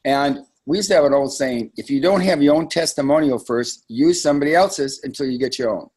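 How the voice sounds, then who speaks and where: A man with a husky, slightly breathy voice leads a sales training webinar. His delivery is conversational and emphatic, and he drifts into frequent asides as he coaches his team. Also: medium pitch, brisk, a little mellow.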